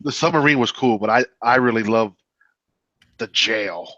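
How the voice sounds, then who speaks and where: Bright-voiced man joking about a movie. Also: mid-range voice, moderate pace, lo-fi sound. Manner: laughs often, joking asides. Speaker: movie review co-host. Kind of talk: casual movie review chat.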